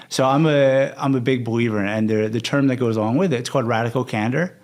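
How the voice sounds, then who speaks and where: Young man, podcast guest, blunt and candid, acts out dialogue, mid-pitched. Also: quick pace, hardly any pauses, darkish tone. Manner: candid, storytelling, acts out quotes. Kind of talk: casual interview talk.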